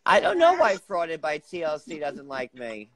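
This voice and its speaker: A man's voice: fairly high pitch, wildly swooping pitch, moderate pace. A man hosting a casual live chat, joking and rambling, with lots of "like" and a few restarts. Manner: joking, rambling, heavy use of "like". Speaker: host. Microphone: earbuds.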